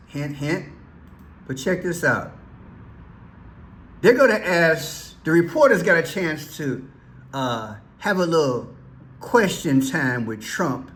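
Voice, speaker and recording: A man's voice: a little high, a bit bright. A man giving casual, teasing commentary on news clips, with playful asides. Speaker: commentary vlogger.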